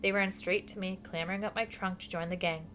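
A woman's voice: mid-range voice, fairly even intonation, fairly quick, fairly bright tone, a little hiss or hum. A woman reading a children's book aloud at home, with casual asides. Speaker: reader.

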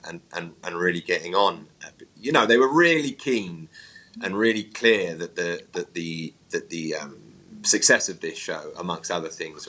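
Deep-voiced bright English man. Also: rough recording. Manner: rambling, self-mocking, teasing. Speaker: actor guest. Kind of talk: casual interview chat.

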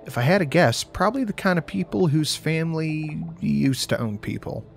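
A man's voice: on the high side, lively intonation, normal speed, gravelly. Wry male horror narrator. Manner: wry, first-person storytelling. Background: faint music.

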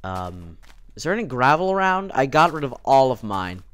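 A man's voice: medium pitch, big pitch swings, normal speed, a bit bright, clean tone. A young man giving casual, rambling commentary while playing a game, talking to himself and the game, his voice cracking often. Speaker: gameplay video host. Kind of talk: casual let's-play commentary.

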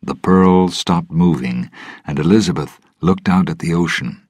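A man narrating a story slowly and deliberately for English learners. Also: sits low, a little mellow, dry recording, studio quality. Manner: clear, deliberate. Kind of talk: slow scripted story reading for English learners.

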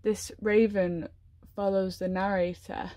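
A woman gushing excitedly through an unboxing vlog, gasping and giggling as she talks. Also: mid-range voice, slow pace. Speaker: collector unboxing a model horse. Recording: voice a little far from the mic.

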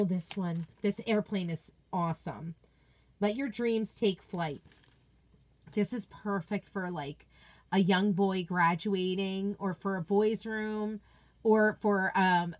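A woman's voice: medium pitch, steady tone, slow pace. A woman hosting a casual unboxing video from her home office, gushing with enthusiasm and chatting to viewers' comments. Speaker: craft product seller and video host.

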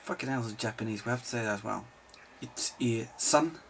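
Brisk and mid-range with vocal fry, a man's voice comes through slight background noise as he hosts a video answering viewer questions. He hasn't slept and is tired, so he rambles, jokes and swears freely in casual chat.

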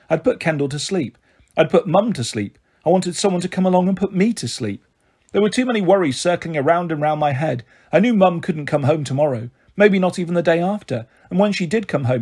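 A man reads a children's novel aloud in a fairly high, husky voice. He narrates in the first person, even and unhurried. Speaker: storybook reader.

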